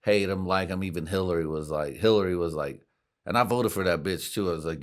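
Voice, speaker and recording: A man's voice: deep voice, fairly quick. A man hosting a podcast, rambling in a casual, profane way and laughing at his own jokes. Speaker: podcast host.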